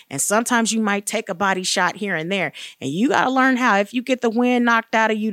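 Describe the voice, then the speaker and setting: A woman's voice: dry recording, studio quality. A middle-aged woman sharing a faith-based personal testimony in an earnest, encouraging way. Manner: earnest and encouraging, acts out quoted dialogue with raised pitch. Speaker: guest speaker sharing testimony.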